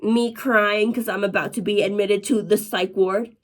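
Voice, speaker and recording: A woman's voice: mid-range voice, fairly even intonation, moderate pace. A young adult woman telling a storytime to the camera, profane and dramatic, often calling out to her viewers. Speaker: vlogger. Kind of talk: casual storytime.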